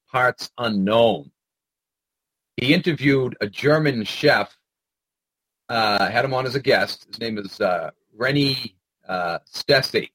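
A man's voice: on the low side, a bit bright, slightly rough, dry recording, low-quality recording. A man hosting a commentary show, delivering an indignant, profane ranting monologue full of "uh" fillers.

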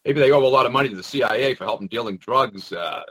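A man's voice: medium pitch, fast, a bit bright, husky, no room sound, poor audio. A man talking in a sarcastic, rambling monologue, with mocking asides and frequent hesitations. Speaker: commentator. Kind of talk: casual monologue commentary.

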